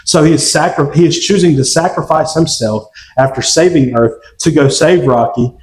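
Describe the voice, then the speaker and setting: A man's voice: fairly high pitch, normal speed, darkish tone. A young man co-hosting a casual podcast, gushing with enthusiasm. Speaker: podcast co-host. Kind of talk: casual chat. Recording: echoey room.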